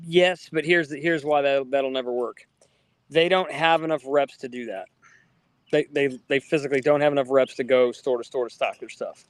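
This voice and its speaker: A man co-hosting a casual podcast, telling stories in a lively way and acting out the people he quotes. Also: mid-range voice, moderate pace, dry recording. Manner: animated storyteller, acts out quoted people. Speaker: podcast co-host. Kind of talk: casual storytelling chat.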